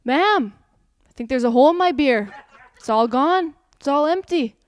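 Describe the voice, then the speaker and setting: This is a woman mimicking a smug guy at a table who delivers a corny dad joke with loud self-satisfaction. The voice stays a little high, since the woman keeps her own register. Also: animated, moderate pace, no echo. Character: man customer telling corny dad jokes, smug.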